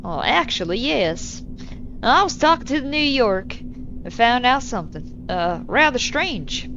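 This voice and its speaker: A woman voicing a calm, plain-spoken male sheriff in a game. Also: fairly high pitch, a little slow, lo-fi sound, slight background noise, exaggerated voice. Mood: steady.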